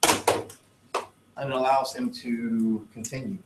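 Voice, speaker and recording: Man, teacher, classroom lecture, animated, joking, echoey room. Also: medium pitch, slow pace, heavy background noise. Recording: echoey classroom with faint ambience.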